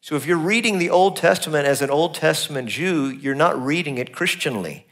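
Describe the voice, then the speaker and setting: A middle-aged man preaching a sermon in a conversational way, acting out the lines he quotes with changes in pitch and loudness. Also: animated, fairly quick. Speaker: pastor.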